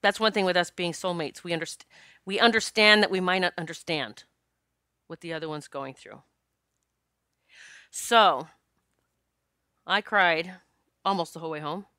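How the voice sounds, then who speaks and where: Frank, bright-voiced woman podcast host. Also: fairly low pitch, normal speed, long pauses, clean tone, no room sound, studio quality. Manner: frank and animated, swears and laughs often. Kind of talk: candid personal storytelling.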